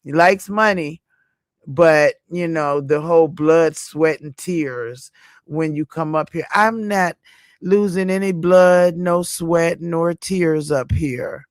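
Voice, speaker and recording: A woman's voice: deep voice, takes it slowly, no echo, clean studio sound. A woman hosting a casual live stream, reading viewer chat aloud, chatty and emphatic, repeating her points and addressing viewers by name.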